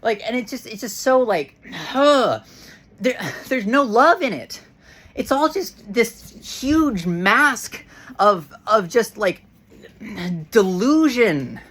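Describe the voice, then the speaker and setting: A woman's voice: on the high side, big pitch swings, slow pace, fairly bright tone, husky. A woman ranting to camera in a casual vlog, heated and frustrated, swearing often and restarting her sentences. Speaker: vlogger.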